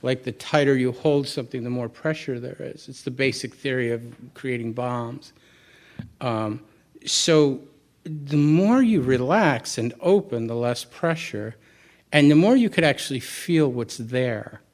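A middle-aged man leads a Buddhist talk before a live audience. His pitch sits in the ordinary middle range for a man. He speaks candidly and conversationally, telling a personal story with self-deprecating asides and frequent restarts. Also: animated, measured pace. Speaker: Buddhist teacher.

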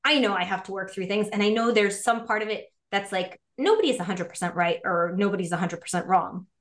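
A woman's voice: mid-range voice, a little fast. A woman guest on a podcast, chatting animatedly and illustrating her points with examples. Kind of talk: casual chat.

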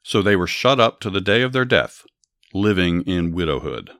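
A man with a very low voice tells Bible stories in a measured, earnest way, like a podcast host reading a prepared script. The recording is dry and close, with no room sound around him. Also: very animated, fairly bright tone, no echo. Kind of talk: scripted Bible story narration and commentary.

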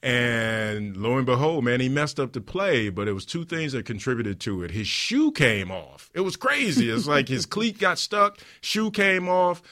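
A man hosting a leadership podcast, telling stories in an animated way with frequent laughs. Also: medium pitch, normal speed, hardly any pauses, dry recording, studio quality. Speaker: podcast host; former pro football player. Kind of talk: podcast conversation.

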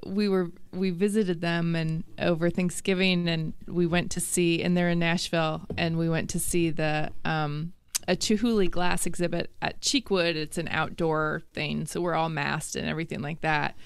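Low gravelly woman, guest on a podcast. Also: fairly even intonation, unhurried. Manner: laughing storyteller. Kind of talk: casual podcast chat.

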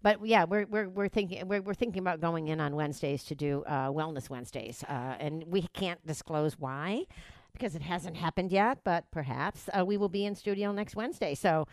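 A woman's voice: fairly low pitch, moderate pace, dry recording. A woman hosting a radio show, chatting casually, laughing often and rambling. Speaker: radio host.

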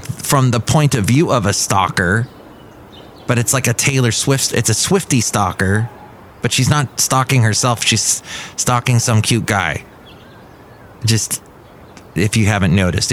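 A man's voice: mid-range voice, a bit bright, slight background noise. A man hosting a podcast, riffing in a rambling, sardonic comedic monologue, recorded outdoors. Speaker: podcast host. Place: outdoors outside a café.

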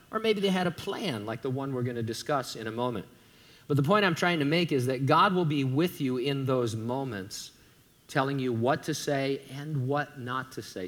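A man preaching a sermon as pastor, conversational, with joking asides, sometimes stumbling and repeating words. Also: medium pitch.

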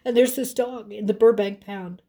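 A woman's voice: medium pitch, steady tone, normal speed, dark tone, voice pushed up, natural voice. A woman voicing her tearful friend, who stammers and pleads breathlessly to save a dog. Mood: frantic.

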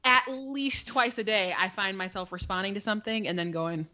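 An animated woman co-hosting a casual podcast, telling a story and climbing higher as her outrage builds. She swears freely and talks in a loose, chatty way. The audio is a little dull. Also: normal speed, few pauses. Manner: animated storytelling, swearing, rising in pitch when indignant. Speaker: podcast co-host. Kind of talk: casual chat.

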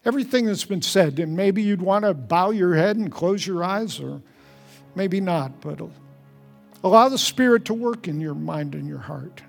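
Earnest high-voiced male pastor in echoing hall. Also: expressive, normal speed, creaky, faint music behind. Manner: earnest, repeats phrases, drops to soft low tones for prayers. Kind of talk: sermon. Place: large church hall. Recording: long hall reverb.

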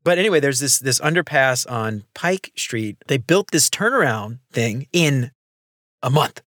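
A man hosting a podcast, telling animated, rambling stories in casual conversation on a close microphone. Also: mid-range voice, measured pace, no echo. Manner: animated storyteller, rambling asides. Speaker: podcast host.

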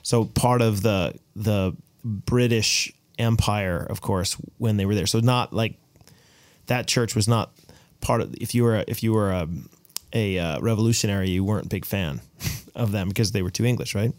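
A man on a podcast, casually recounting travel stories with animated delivery. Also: fairly low pitch, moderate pace, no room sound. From United States. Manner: animated storyteller, voices quoted people. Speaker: podcast co-host. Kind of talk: casual chat, storytelling.

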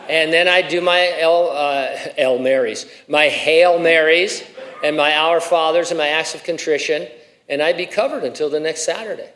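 A man's voice: on the high side, normal speed, fairly bright tone. A middle-aged man preaching a sermon as pastor, talking casually with asides and rhetorical questions, and lifting his voice when he reads scripture. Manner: reads scripture with rising emphasis. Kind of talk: expository sermon.

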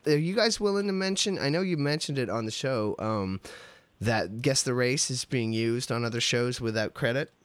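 A man's voice: medium pitch, animated, normal speed, clean tone, no echo. A man hosting a podcast in casual chat, loose and full of fillers, asking eager questions. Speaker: podcast host.

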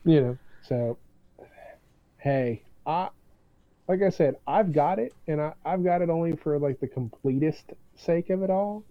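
Male podcast co-host on a remote call, voice a bit high, thin phone-line sound, measured and dry. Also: dry recording. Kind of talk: casual chat.

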